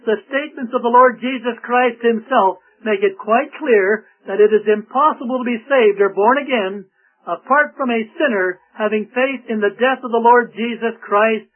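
A man preaching a radio sermon in an earnest, emphatic manner. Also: very high-pitched. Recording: tinny lo-fi radio broadcast.

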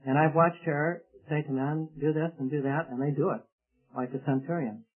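A man's voice: fairly high pitch, steady tone, normal speed, narrow, tinny audio. A man preaching an earnest, explanatory sermon, recorded on an old tape. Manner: earnest, explanatory, with rhetorical questions.

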